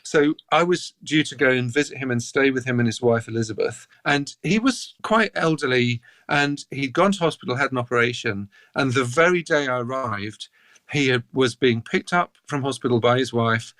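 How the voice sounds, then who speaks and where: A man with an English accent, a guest cellist telling animated stories in a podcast interview. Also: mid-range voice, moderate pace, no echo. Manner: animated anecdotes, breaks into laughter.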